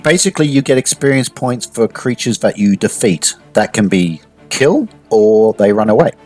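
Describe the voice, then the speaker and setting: A man runs a tabletop game with a low but very lively voice that rises and falls a lot. He narrates and rules in a hesitant way and restarts his sentences often. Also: moderate pace, faint music behind. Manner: hesitant, with many restarts and "sort of". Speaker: game master.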